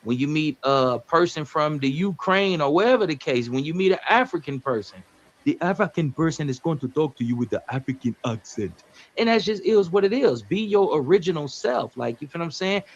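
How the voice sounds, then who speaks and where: A man hosting a live stream, giving measured, lecturing commentary that he often corrects mid-sentence. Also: fairly high pitch, lively intonation, muffled recording. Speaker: livestream music reviewer host.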